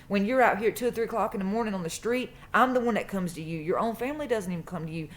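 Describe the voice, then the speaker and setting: A woman's voice: mid-range voice, rapid-fire. Woman telling a personal story. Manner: emphatic, repeats phrases for stress. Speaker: true crime vlogger. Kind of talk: casual storytelling monologue.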